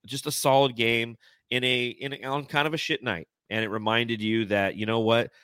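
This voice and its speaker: A man with a mid-range, clear, resonant voice hosts a casual sports podcast, reading out fan comments and laughing often. His tone is steady and fairly bright, and his pace is moderate. The recording is dry, with clean studio sound.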